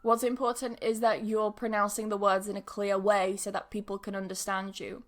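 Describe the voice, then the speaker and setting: At a moderate pace and in a level, mid-range voice, a woman English pronunciation teacher chats through a casual solo podcast episode. Laughs and asides run throughout.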